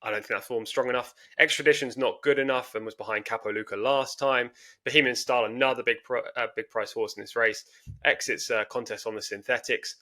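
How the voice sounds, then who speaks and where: A man's voice: mid-range voice, fairly even intonation, brisk, sharp tone. A man co-hosting a podcast, casually breaking down horse racing form with careful, hedging analysis. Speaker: podcast co-host.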